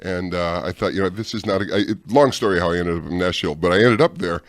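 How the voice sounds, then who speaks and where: Chatty low-voiced radio co-host. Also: male voice, quick pace, no echo, clean studio sound. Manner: chatty, joking, reminiscing. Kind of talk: morning radio chat. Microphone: studio microphone.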